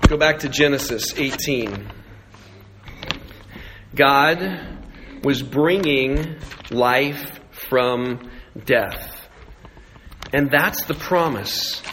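A man preaching a sermon to his congregation, animated and joking, with asides to the listeners. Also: on the high side, in a large hall, slight background noise. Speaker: pastor.

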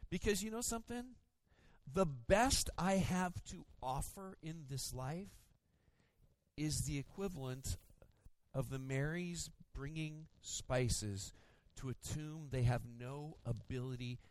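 A male pastor preaching a sermon, storytelling in an animated way with playful mimicry. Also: fairly high pitch.

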